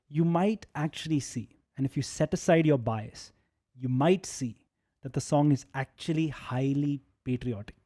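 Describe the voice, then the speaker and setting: A male radio jockey walks listeners through songs in a loose, conversational way. His voice sits a little high and sounds soft and mellow. He keeps asking rhetorical questions as he explains. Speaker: radio jockey hosting a music session. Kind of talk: casual music presentation.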